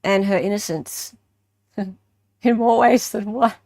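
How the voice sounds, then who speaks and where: Woman, Australian accent, live-stream host, jokey and self-mocking, unhurried delivery, dry close sound. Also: mid-range voice, mellow, dry recording. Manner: playful, joking, self-mocking. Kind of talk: casual live-stream chat.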